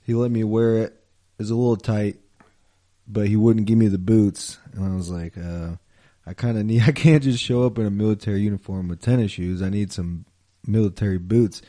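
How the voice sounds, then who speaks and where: A man's voice: fairly low pitch, steady tone, normal speed, warm tone. A young man co-hosting a podcast, telling stories in a laid-back, profane way. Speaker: podcast co-host. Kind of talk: casual chat.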